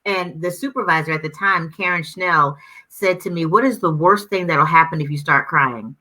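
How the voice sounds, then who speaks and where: A woman's voice: low voice, moderate pace, bright, forceful tone, poor audio. A middle-aged woman speaking as a guest, fervent and preacher-like, with lots of repetition. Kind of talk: conversational discussion.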